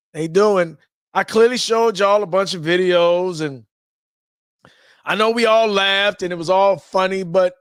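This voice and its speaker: A tired man from the US West Coast hosting a late-night live stream, talking loudly in profane, rambling banter. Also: high-pitched, no room sound, clean studio sound.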